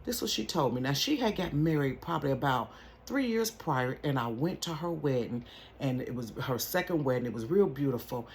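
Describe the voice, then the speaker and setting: A woman tells a personal story to camera from her bedroom. She is animated and folksy and talks straight to her viewers. There is a faint hum of room ambience behind her. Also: rumbling low, fairly quick. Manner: animated, folksy, addresses viewers as y'all and honey. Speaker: vlogger. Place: home bedroom. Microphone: camera at close range.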